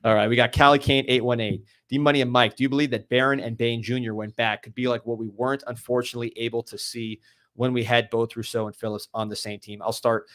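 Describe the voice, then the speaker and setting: A man's voice: mid-range voice, flat delivery, fast talker, fairly bright tone. A man co-hosting a sports podcast, chatting and telling stories in casual talk. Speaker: podcast co-host.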